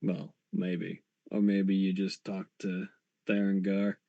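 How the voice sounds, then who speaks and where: A man voicing a shady, roguish male ghost uncle in a tabletop game, with a wry, gruff drawl. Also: sits low, completely flat delivery, takes it slowly, warm tone, no echo, dull audio, voice pushed down, exaggerated voice.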